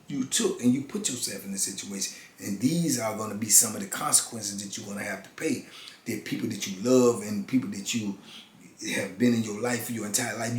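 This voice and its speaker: A man in his fifties telling a personal story in a halting, earnest way, often restarting and checking in with his listener. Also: lowish voice. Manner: halting, earnest, many restarts and "you know what I'm saying". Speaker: formerly incarcerated channel host. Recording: roomy room with faint ambience.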